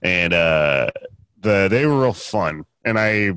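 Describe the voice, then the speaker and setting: A man's voice: deep voice, expressive, slow pace, a bit bright, clear, resonant tone, no room sound. A man co-hosting a casual podcast, rambling with restarts and casual swearing. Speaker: podcast co-host.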